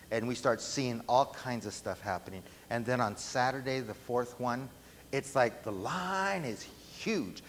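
A man's voice: mid-range voice, expressive, measured pace. A man preaches emphatically, often asking the room questions. His voice rings with long reverb in a hall, over a faint background hiss. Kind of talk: sermon.

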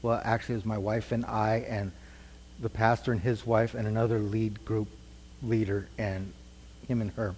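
A man's voice: lowish voice, flat delivery, normal speed, a little mellow, a little hiss or hum. A middle-aged man teaching a church group conversationally, asking questions and repeating their answers. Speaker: preacher teaching a class. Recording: long hall reverb.

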